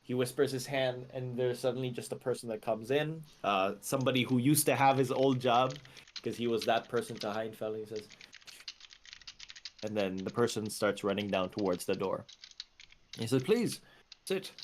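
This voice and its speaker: A man runs a tabletop game, narrating scenes casually with plenty of "like" and "sort of". His voice sits at a middle pitch and his pace is easygoing. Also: moderate pace, a little hiss or hum. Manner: relaxed, loose narration with fillers. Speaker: game master.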